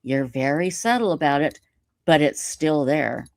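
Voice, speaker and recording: A woman live streamer telling a story in casual interview chat, animated and self-mocking, laughing often. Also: deep voice, measured pace. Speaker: YouTube live streamer reading a letter.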